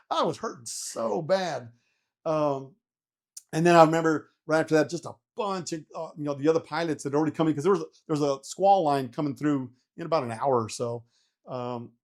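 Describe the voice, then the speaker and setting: A middle-aged man, a retired helicopter pilot, casually telling a story, acting out what people said and swearing freely. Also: on the high side. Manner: animated retelling with quoted voices and swearing. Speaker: interview guest, retired Army helicopter pilot.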